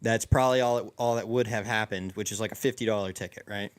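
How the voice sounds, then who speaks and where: A man's voice: on the low side, steady tone, fast talker. A young man casually telling a long story among friends, rambling with lots of restarts and fillers. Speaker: podcast co-host.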